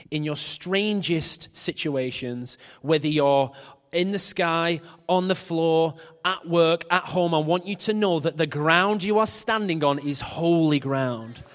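A man preaching a sermon in a large church, animated and building to shouted exhortation. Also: fairly high pitch, measured pace. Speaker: pastor. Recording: long hall reverb.

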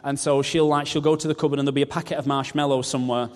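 A man's voice: mid-range voice, level tone, rapid-fire. A man preaching a sermon, mixing scripture with humorous, self-mocking asides. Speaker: pastor. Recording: long reverb of a large hall.

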